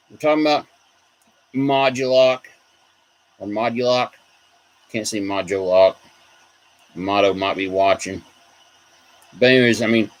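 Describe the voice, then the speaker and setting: Man, casual rambling chat, mid pitch, off-the-cuff host. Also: low-quality recording. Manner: rambling, reacts to viewer votes. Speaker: toy collector host.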